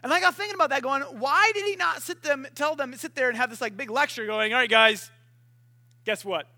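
A man's voice: extremely high pitch, fast talker, sharp tone. A man preaching a casual sermon, joking and acting out voices as he tells the story.

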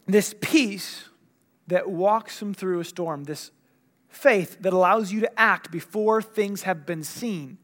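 A young man gives a sermon in a high, light voice, telling stories and acting out every line of dialogue. His delivery is animated and conversational, swinging between loud bursts and quiet, soft moments. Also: takes it slowly. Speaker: preacher. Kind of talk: sermon with storytelling.

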